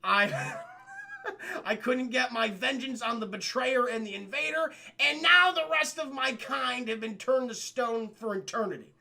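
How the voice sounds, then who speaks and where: A man's voice: extremely high pitch, very animated, measured pace, sharp tone, voice pushed up, full character voice. A man voicing a raging, grieving gargoyle leader. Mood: anguished. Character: anguished male gargoyle leader, huge and vengeful.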